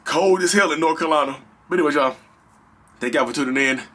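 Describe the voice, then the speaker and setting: Bright-voiced man giving casual advice. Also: on the high side, fast talker. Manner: animated, slangy, rambling, talks straight to viewers. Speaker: vlog host.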